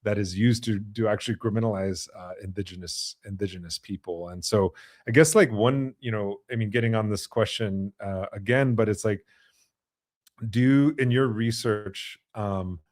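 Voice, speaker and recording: A low-voiced man hosts a podcast conversation, working through his points with lots of "you know" and restarts. His voice is recorded close and dry, with no room sound. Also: a little mellow, dry recording. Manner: halting, many fillers and restarts. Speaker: podcast host. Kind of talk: conversational interview.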